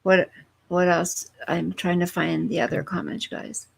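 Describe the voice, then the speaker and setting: A woman's voice: on the low side, flat delivery, moderate pace, vocal fry, breathy edge. A woman hosting a casual livestream from home, chatting with viewers and reading their comments aloud. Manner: chatty, talks straight to viewers, easily distracted. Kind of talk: casual live chat. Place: at home, fireworks outside.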